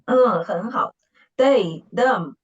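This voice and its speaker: A woman teacher leads an online class, unhurried and careful, pausing to praise and repeat words for her students. Her voice comes through a muffled, dull call connection, mid-pitched and even. The pace is very slow and deliberate. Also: a little hiss or hum. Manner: patient, slow, encouraging, models words. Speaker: Mandarin teacher. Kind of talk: online language lesson.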